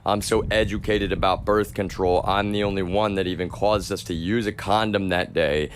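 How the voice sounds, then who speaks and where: A man's voice: low voice, fairly even intonation, normal speed, a little hiss or hum. A young man streaming live, venting in an agitated, profane monologue, full of restarts and addressing his viewers as y'all. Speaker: livestreamer. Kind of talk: ranting monologue to a live chat.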